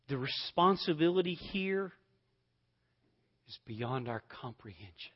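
A high-pitched man delivers a sermon with slow, deliberate pacing. He swings between loud, emphatic bursts and hushed, almost whispered lines. The recording sounds slightly dull. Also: expressive. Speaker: pastor.

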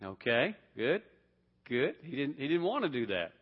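At a moderate pace, a medium-pitched, sing-song male voice leads a Bible class by questioning the group, with repeated words and frequent restarts. The recording sounds dull and carries a long hall reverb.

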